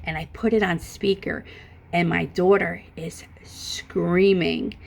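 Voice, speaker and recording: A middle-aged woman vlogger tells a long, profane story in a casual, animated way. Her fairly low, creaky voice moves slowly but jumps up whenever she stresses a point.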